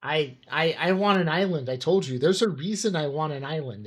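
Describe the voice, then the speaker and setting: A woman co-hosting a casual podcast chat, teasing and cutting in with deadpan jokes. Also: deep voice, brisk, few pauses. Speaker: podcast co-host.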